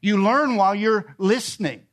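A man's voice: sits high, lively intonation, normal speed. Emphatic middle-aged male preacher. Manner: emphatic preaching, repeats key phrases. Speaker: pastor. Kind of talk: sermon.

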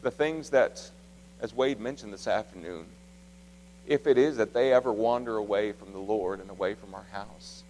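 A man in his thirties preaching a sermon in a church, swinging from loud, emphatic exhortation to soft, hushed storytelling. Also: lowish voice, a little hiss or hum. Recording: long reverb of a large hall.

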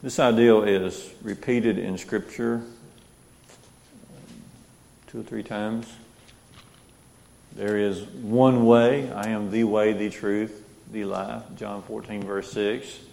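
A man's voice: lowish voice, level tone, takes it slowly, vocal fry, long pauses, dark tone, in a large hall. A man teaching a Bible class, reading scripture aloud and asking the group questions.

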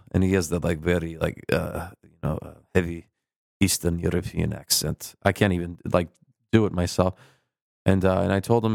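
A man's voice: low-pitched, brisk, creaky, a little mellow, no echo, clean studio sound. A man as a guest on a casual podcast, telling rambling anecdotes with lots of fillers.

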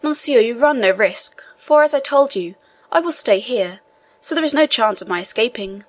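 A woman's voice: on the high side, animated, normal speed. Woman doing a stubborn old priest in a cell, begging then digging in, nothing fancy, a storybook read. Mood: pleading. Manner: pleading, insistent. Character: elderly male imprisoned abbé, defiant.

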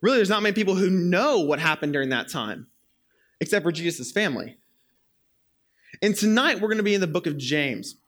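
A young man giving a sermon in an animated, playful storytelling manner. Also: sits high, a little fast, pauses often. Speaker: preacher.

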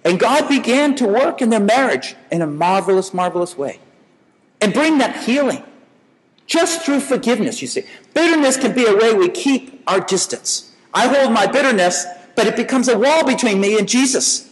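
A man's voice: high voice, big pitch swings, moderate pace, long reverb tail, rough recording. A man preaching a sermon in a conversational way, telling stories and asking rhetorical questions.

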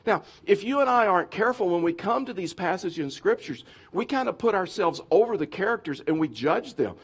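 A middle-aged man gives a conversational sermon in a slightly raised voice. He is animated and chatty, and he sometimes mimics whining complainers. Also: high voice, a little fast, breathy edge. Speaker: pastor.

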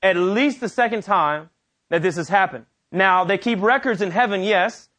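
High-voiced, animated male preacher. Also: moderate pace. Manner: animated, conversational storytelling. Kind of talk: sermon.

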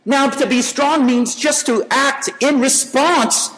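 Male preacher, high animated voice, chatty sermon delivery, hall reverb. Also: takes it slowly. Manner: conversational, repeats and restarts words.

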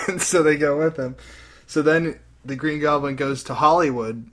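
A young man casually retelling a comic book story on a podcast, animated and slipping into character voices. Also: fairly high pitch, normal speed, slight background noise. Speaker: podcast host recapping a comic. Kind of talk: casual chat.

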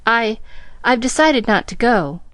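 A woman's voice: fairly high pitch, lively intonation, a little slow, fairly bright tone, no room sound, voice pushed up. A woman reader voicing a troubled young woman who speaks hurriedly and insistently, with rustic grammar.

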